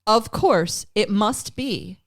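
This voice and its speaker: A woman's voice: mid-range voice, lively intonation, takes it slowly. A woman co-hosting a casual podcast, cold reading strange news stories and breaking into laughter. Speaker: podcast co-host.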